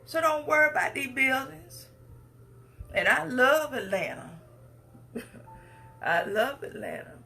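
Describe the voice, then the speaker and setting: A woman's voice: high voice, animated, slow, creaky, long pauses, bright, forceful tone, soft background music. A woman, giving an impassioned speech with emphatic, repetitive phrasing. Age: 50s. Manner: emphatic, repetitive, preacher-like cadence. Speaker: speaker addressing the public.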